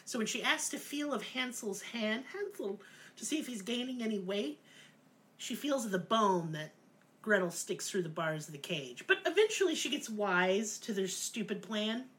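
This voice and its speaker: Profane, animated woman storyteller. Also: mid-range voice, moderate pace. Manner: crude, sarcastic, animated. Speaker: podcast host.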